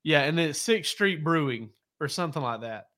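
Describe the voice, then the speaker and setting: A man's voice: a little high, expressive, brisk, fairly bright tone. A man telling casual, rambling stories on a sports podcast, often correcting himself as he goes. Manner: rambling, self-correcting, laid-back storyteller. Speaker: sports reporter.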